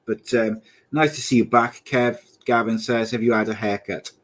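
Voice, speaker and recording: A man hosting a podcast, running through a quick intro and then reading out viewer comments in casual chat. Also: medium pitch, fairly even intonation, slight background noise. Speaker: podcast host.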